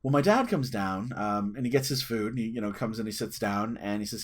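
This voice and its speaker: A man's voice: fairly low pitch, lively intonation, fairly quick. A man in his thirties chatting and telling a personal story as a channel host, rambling with fillers and restarts. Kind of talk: casual storytelling to camera.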